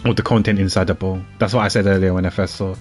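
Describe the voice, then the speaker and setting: A man's voice: sits low, fairly even intonation, fast talker, a little mellow, soft background music. A man streaming a game, talking casually in a rambling way with stammers and restarts.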